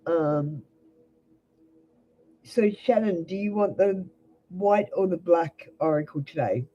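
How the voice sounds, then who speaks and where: A woman's voice: lowish voice, takes it slowly, warm tone, dull audio, slight background noise. A young adult Australian woman giving blunt, chatty tarot readings on a live stream, calling viewers by name. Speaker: tarot reader.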